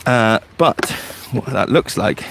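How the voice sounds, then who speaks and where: Gravelly man chatting. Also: mid-range voice, animated, slow, background noise. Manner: chatty, explanatory, loose storytelling. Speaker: forest school leader. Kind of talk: casual podcast chat.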